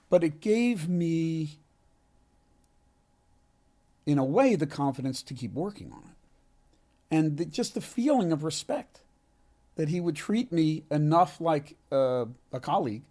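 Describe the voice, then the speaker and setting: A man, an actor being interviewed, telling a heartfelt story in an earnest, halting way with many restarts. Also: a little high, dark tone. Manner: halting, frequent restarts and self-corrections. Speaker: actor, podcast guest.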